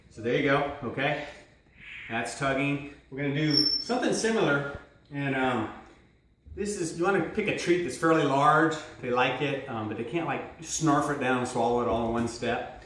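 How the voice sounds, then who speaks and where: A man runs a casual dog-training lesson, rambling through his points and breaking into bright, high praise for the dog. His voice rings around a very reverberant room. The mic sits some way off, with faint background noise underneath. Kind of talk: casual hands-on instruction. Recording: very echoey room, mic at a distance.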